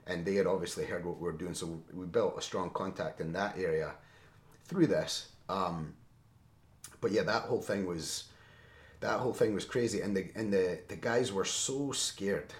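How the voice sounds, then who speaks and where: A man telling a story in a casual, animated way, often tagging his lines with "right?". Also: low voice, moderate pace. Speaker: interview guest. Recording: roomy echo.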